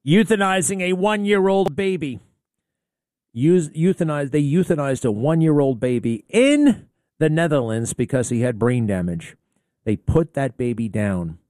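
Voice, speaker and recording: A man's voice: fairly high pitch, lively intonation, unhurried, darkish tone, no room sound, clean studio sound. A man hosting a talk radio show, rambling through an opinionated monologue with sarcasm and indignation.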